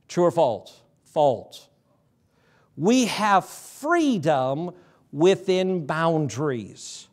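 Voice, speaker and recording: A middle-aged man preaching a sermon as pastor, folksy and conversational, asking the congregation questions. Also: high voice. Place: church sanctuary.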